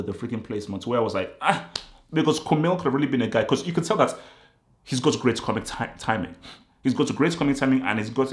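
A man giving a casual, rambling film review, repeating himself and stating blunt opinions. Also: medium pitch. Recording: roomy echo.

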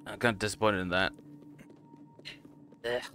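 A man's voice: fairly low pitch, steady tone, normal speed, over music. A man casually commenting on a game as he plays, rambling and chuckling at himself. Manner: rambling, self-mocking, laughs often. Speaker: gaming channel host. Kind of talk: casual let's play commentary.

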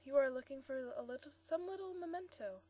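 Woman reading as a mellow old shopkeeper. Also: sits high, brisk, lightly acted. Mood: friendly. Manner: mellow, friendly, diffident. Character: mellow elderly male shop proprietor, courteous.

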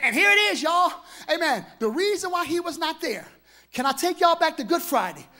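A man pastor preaching an Easter sermon live in a church on a handheld mic, exuberant and shouting, laughing and trading call-and-response with the congregation. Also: extremely high pitch, very animated, brisk. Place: church sanctuary. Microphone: handheld microphone.

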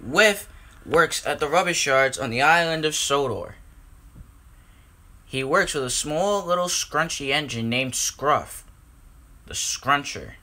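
Man reading a storybook slowly. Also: on the high side. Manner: slow, lively, expressive reading. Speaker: narrator.

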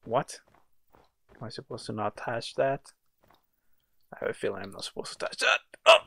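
A gaming host giving dramatic, excitable let's play commentary, yelping and groaning at each failure. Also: medium pitch, moderate pace, vocal fry, slightly rough, dry recording.

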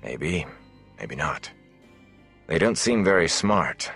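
A man voicing a weary, wounded middle-aged farmer father in an audiobook, low, tired and soothing. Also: animated, slow, fairly bright tone, husky, soft background music, full character voice. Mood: calm. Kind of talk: audiobook character reading.

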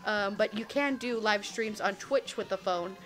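A woman in her early twenties streaming a game, excitable and a bit tipsy, exclaiming, swearing and laughing as she plays. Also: mid-range voice, moderate pace, soft background music. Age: early 20s. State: tipsy from taking shots. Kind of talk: casual gameplay livestream.

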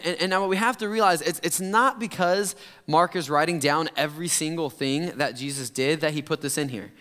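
A young man preaches in an easygoing, conversational way, sprinkling in slang. His voice sits a bit high. The sound carries the long reverb of a church hall. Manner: relaxed, chatty, laid-back slang. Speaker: pastor. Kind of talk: casual sermon with story and prayer. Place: church sanctuary.

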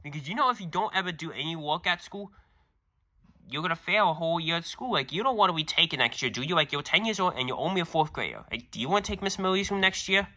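An angry cartoon dad who shouts and lectures his son, as a man puts the role on. His voice sits higher than the performer's usual pitch and sounds forceful and bright, swinging widely in pitch. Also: expressive, quick pace. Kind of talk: fan-made cartoon voice acting.

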